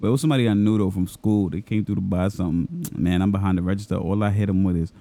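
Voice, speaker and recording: A young man with a lowish, dark voice, recorded dry and close. He tells stories in casual chat and slips into imitations of other people as he goes. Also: steady tone, fast talker, dry recording. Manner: storytelling, mimics voices. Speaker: podcast co-host.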